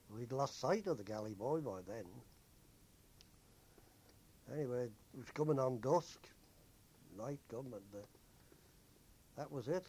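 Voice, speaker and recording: An older man recalls his days at sea for an oral history. His voice sits at an ordinary middle pitch. He tells his anecdotes in an unhurried, easygoing way. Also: warm tone. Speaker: former merchant seaman.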